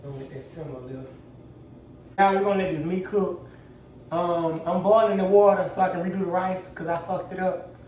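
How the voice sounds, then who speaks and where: A man's voice: sits high, steady tone, moderate pace, pauses often, heavy background noise. A man cooking at home and talking straight to his viewers in a loose, profane, joking way while stressed. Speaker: cooking vlogger. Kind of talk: casual cooking chat. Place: home kitchen. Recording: echoey room, mic at a distance.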